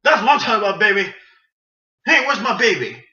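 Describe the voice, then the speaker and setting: A man's voice: sits high, very animated, a little fast, bright, forceful tone, roomy sound, recorded from a distance, voice pushed up, heavily acted. A man putting on a slangy, swaggering gangster voice for a male video game criminal, in a dull, lo-fi recording.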